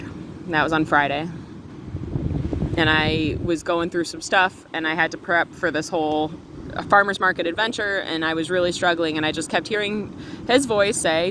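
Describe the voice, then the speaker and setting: A middle-aged woman telling a story to camera in an earnest, emotional, fast-running casual way. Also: fairly low pitch, steady tone. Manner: earnest, emotional, talks fast with run-on retelling. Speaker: spiritual vlogger. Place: outdoors on a windy beach. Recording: wind and surf noise outdoors.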